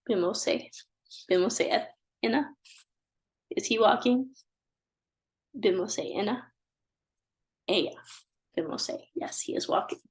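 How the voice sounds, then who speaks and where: A woman's voice: medium pitch, gravelly, darkish tone, slightly rough. A woman with a stuffy nose teaching a language lesson, patiently repeating each phrase and translating it. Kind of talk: language lesson, slow repetition drills.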